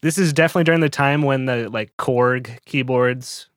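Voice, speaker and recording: A man's voice: medium pitch, moderate pace, dry recording. A man co-hosting a podcast, giving laid-back, dry commentary in casual chat. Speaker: podcast co-host.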